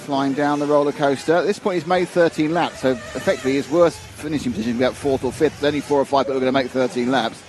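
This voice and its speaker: A man's voice: medium pitch, fairly even intonation, racing, hardly any pauses, a little mellow, faint music behind. A man commentating live on a model car race, chatty and jokey, thinking aloud as he goes.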